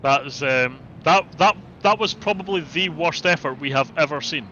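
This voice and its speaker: Man, sim race co-commentator, dry teasing humour, sharp bright tone, slightly muffled audio. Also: a little high, moderate pace, a little hiss or hum. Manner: dry, teasing, mock-outraged.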